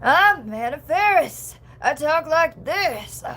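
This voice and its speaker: Woman impersonating a slow, airy, high-voiced ditzy young woman, wide-eyed and breathy, for a quick comic bit. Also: sing-song, a bit bright, full character voice. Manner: slow, drawn-out, airy delivery.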